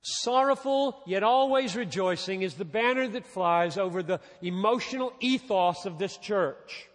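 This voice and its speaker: A man preaching a sermon as a pastor, with dramatic pauses, dropping soft and then rising again. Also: sits high. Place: large church hall. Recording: reverberant hall.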